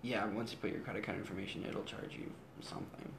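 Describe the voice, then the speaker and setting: A man's voice: lowish voice, steady tone, quick pace, vocal fry, noisy background. A man in casual chat who talks loosely, swears freely and slips into mock voices when he retells things.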